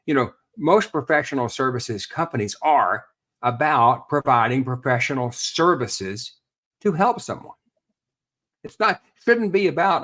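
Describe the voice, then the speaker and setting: A man's voice: mid-range voice, lively intonation, measured pace, fairly bright tone. A man, a real estate expert guest on a podcast interview, explaining earnestly and repeating words as he thinks.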